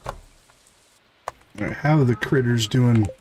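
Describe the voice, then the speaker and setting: A man's voice: medium pitch, slow pace, a crowd in the background, low-quality recording. Chatty Midwestern man streaming a game. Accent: American Midwestern. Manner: relaxed, chatty, talking to chat while playing. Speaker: gaming streamer. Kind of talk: casual live gameplay commentary.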